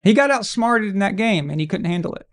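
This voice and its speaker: A man's voice: sits high, animated, a little fast. A man from Arkansas hosting a live football watch-along stream, giving casual commentary full of crude, brash, mocking humor.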